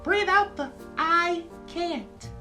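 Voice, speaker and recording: A woman leading children through a guided breathing exercise, calm and slow with soothing counting. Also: extremely high pitch, soft background music. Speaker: mindfulness guide.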